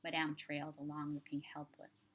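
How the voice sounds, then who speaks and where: A woman author reading her own crime story aloud in measured, low-key narration. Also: completely flat delivery, slight background noise.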